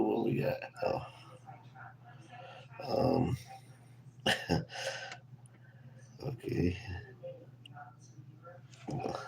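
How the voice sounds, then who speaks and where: Gravelly, mumbling man sorting coins. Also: lowish voice, background noise. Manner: mumbling, half-whispered, talking to himself while sorting coins. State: recovering from a cold. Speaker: coin-roll hunting vlogger. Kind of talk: casual live-stream commentary. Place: home room with sleeping kids.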